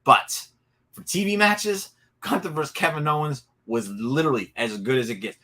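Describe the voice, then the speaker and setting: Excitable man recapping wrestling. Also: a little high, normal speed. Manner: excited, animated storytelling with laughs and asides. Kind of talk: casual solo recap talk.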